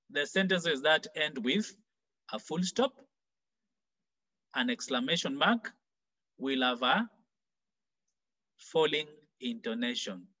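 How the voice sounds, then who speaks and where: A man teaching a French lesson for exam preparation, explaining slowly and repeating example phrases. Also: fairly high pitch, pushed and bright, lo-fi sound. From Kenya. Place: online class.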